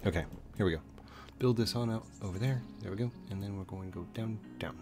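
A man streaming a building game, rambling to himself as he builds and greeting viewers in a high squeal. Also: fast talker. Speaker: gaming streamer. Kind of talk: casual gameplay chat. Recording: clear background music under voice. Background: background music.

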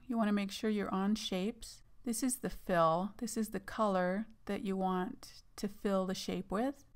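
A woman narrating a software tutorial, explaining each step in a casual, plain way as she clicks through the menus. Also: mid-range voice. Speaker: online course instructor.

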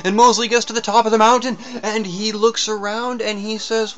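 A man narrating a comic tale in a deadpan, meandering way. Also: sits high, moderate pace. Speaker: comedic storyteller. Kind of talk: comic storytelling.

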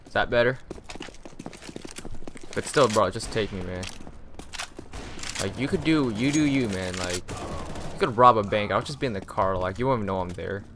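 A man's voice: lowish voice, normal speed, long pauses, background noise. A male streamer chatting loosely and swearing casually while playing a shooter. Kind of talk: casual gaming chat. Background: in-game music.

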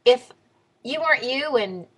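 A young adult woman talking straight to the camera in a casual video diary, blunt and animated, jumping her pitch up high when she quotes people. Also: unhurried. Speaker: vlogger.

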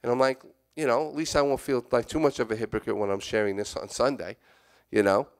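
A man's voice: mid-range voice, fairly even intonation, fast talker, clear, resonant tone. Conversational New preacher man. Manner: conversational, storytelling preaching with emphatic repetition. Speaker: church elder preaching. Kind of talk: sermon. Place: church sanctuary.

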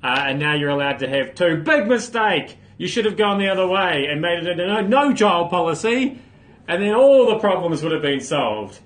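A man hosting a solo comic livestream, with wry deadpan asides and sudden loud outbursts. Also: high voice, fairly quick. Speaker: host. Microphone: phone camera.

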